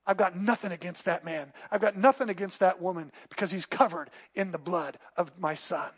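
A middle-aged man preaches with a notably high voice. He drops to soft, close passages, then climbs into loud, emphatic declarations. It is a pastor's sermon, delivered with conviction. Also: a little fast, husky.

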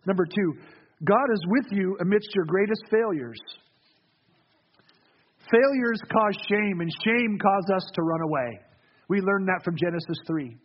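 A male pastor preaching a sermon, telling stories and dropping into soft, hushed tones for emphasis. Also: sits high, muffled recording, a little hiss or hum.

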